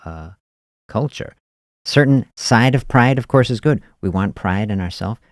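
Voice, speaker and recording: A man with a very low voice talks through his thoughts as a podcast host, unhurried and reflective. He leans on little prompts like "you know" and "see" as he goes. The sound is dry, with no room echo. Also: darkish tone. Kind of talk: reflective spoken monologue.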